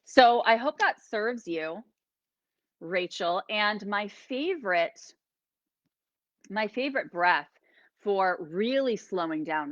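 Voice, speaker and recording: A woman hosting a live-streamed oracle card reading, gently encouraging and guiding listeners through slow breathing. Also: fairly low pitch, dry recording, highs cut off. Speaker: host and healer.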